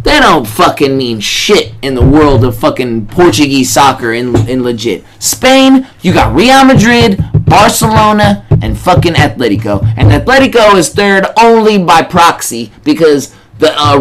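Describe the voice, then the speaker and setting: A man hosting a casual sports podcast, ranting and swearing often. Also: on the high side. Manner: animated, profane, rants. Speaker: podcast host.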